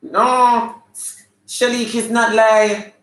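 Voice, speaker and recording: A high-pitched Jamaican man riffs through live comedy banter, sassy and flamboyant, scolding his audience like a preacher. His voice rings around an echoey room. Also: little pitch movement, drawn-out words, fairly bright tone. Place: live show venue.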